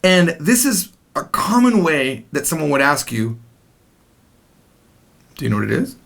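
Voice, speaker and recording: A man with a slightly high, gravelly voice teaches a video lesson. He explains in a chatty, animated way, his pitch swinging up and down a lot as he talks. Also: a little slow. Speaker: language teacher.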